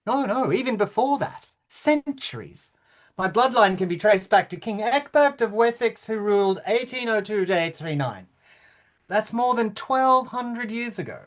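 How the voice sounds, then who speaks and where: A performer acting out a pompous king, bewildered and indignant, who stammers when unsure. The voice moves with lively swings in pitch. It is a rehearsal reading of a stage play. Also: moderate pace, close to an everyday voice. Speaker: actor in rehearsal.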